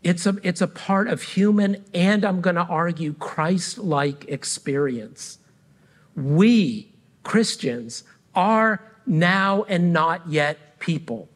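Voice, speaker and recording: A middle-aged man preaching a sermon as pastor, speaking earnestly and deliberately with frequent pauses between phrases. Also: sits high, animated. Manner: earnest and reflective.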